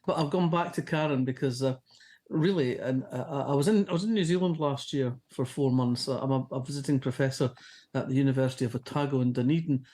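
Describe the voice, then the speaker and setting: A woman from Scotland with a softened Fife accent, a novelist answering questions in a chatty, anecdotal way. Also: extremely low pitch, quick pace. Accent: softened Fife Scottish. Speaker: novelist guest. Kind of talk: casual interview chat.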